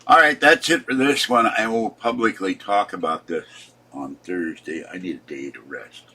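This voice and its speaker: A man's voice: deep voice, normal speed, sharp tone, breathy edge. A man in his seventies, tired and upset, rambling through a casual vlog and complaining as he trails off. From Pittsburgh. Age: 70s. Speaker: vlogger.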